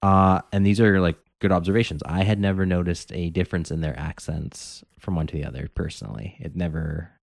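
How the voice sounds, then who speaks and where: A man's voice: sits low, a little fast, creaky, few pauses, no room sound, clean studio sound. A man co-hosting a podcast, talking casually and rambling with many filler words. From Canada. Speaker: podcast co-host. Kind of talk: casual chat.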